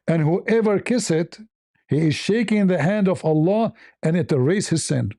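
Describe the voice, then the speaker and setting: A man's voice: high voice, lively intonation, normal speed, mellow, no echo, studio quality. A man hosting an online debate show, talking in a sarcastic, challenging way and firing rhetorical questions. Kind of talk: polemical commentary.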